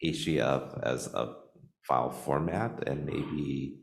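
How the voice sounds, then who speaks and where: A man in a conference audience asking a measured, thoughtful question. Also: very deep voice, vocal fry, echoey room.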